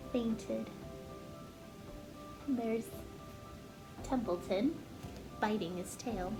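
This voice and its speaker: A woman storyteller reading a children's chapter book aloud with gentle, expressive narration. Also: a little high.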